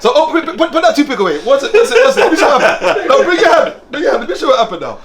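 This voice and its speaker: A man telling a story in casual chat, animated and often laughing. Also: extremely high pitch, very fast, few pauses, a loud crowd.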